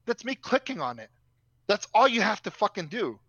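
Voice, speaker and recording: A man's voice: high voice, big pitch swings, moderate pace, fairly bright tone, slightly rough, no room sound, muffled recording. A young man telling a story in a casual, profane, ranting way.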